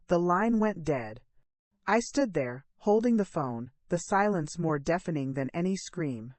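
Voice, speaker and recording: Low-voiced woman narrating a dramatic story. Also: animated, measured pace, darkish tone, no echo.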